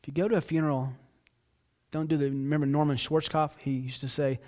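A man preaches an earnest sermon as pastor, talking directly to listeners in a conversational way. His fairly high voice moves little in pitch and runs a little fast, though his volume swings from hushed and soft to loud.

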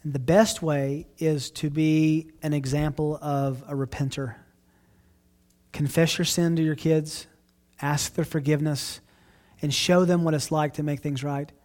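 A middle-aged man speaks as a pastor in an informal question-and-answer talk. His voice sits a little high for a man, and he talks earnestly, often circling back to restart a phrase. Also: fairly even intonation, measured pace, a little mellow. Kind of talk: casual Q&A talk.

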